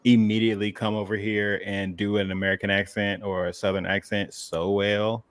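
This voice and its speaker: A man's voice: lowish voice, flat delivery, normal speed, dry recording, studio quality. A man co-hosting a casual fan show, playful and emphatic with a sassy edge. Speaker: co-host. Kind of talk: casual chat.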